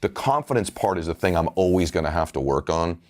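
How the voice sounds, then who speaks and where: A man with a deep voice, talking candidly as a guest author in a casual interview. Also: lively intonation, fast talker, darkish tone. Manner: earnest, candid storytelling.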